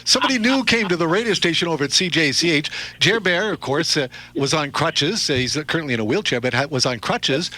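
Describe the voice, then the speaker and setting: Man, radio host, joking, laughing, bright tone, radio broadcast. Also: a little high, lively intonation, fairly quick, hardly any pauses, dry recording. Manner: laughing, joking banter with callers. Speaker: radio talk show host. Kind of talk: call-in radio chat.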